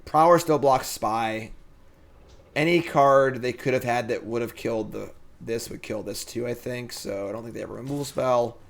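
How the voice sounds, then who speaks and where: A man talks through his moves as he streams a card game, casual and chatty, stopping now and then to answer viewers. His voice sits at an ordinary middle pitch. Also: normal speed, creaky. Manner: chatty, thinks aloud, reads chat and answers it. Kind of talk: casual live-stream commentary.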